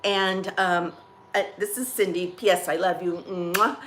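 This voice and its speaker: A woman's voice: on the low side, steady tone, moderate pace, noisy background. A woman hosting a casual coffee-chat vlog, rambling and chatty as she tells stories to her viewers. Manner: rambling, chatty, restarts and trails off. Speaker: vlog host.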